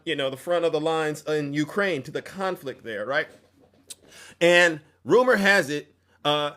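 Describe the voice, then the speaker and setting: Mocking, fiery male commentary host. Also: a little high. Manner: mocking, preachy, shouts for emphasis.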